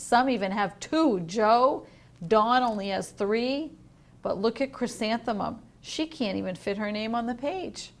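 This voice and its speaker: A woman teacher reading a picture book aloud to young children. She is gentle, explains words and asks questions. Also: fairly high pitch. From United States.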